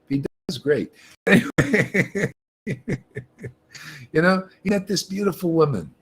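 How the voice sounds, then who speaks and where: A man hosting a livestream, preaching with animated emphasis, repeating himself and laughing often. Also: high-pitched, a little slow, breathy edge. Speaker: livestream host. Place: livestream setup.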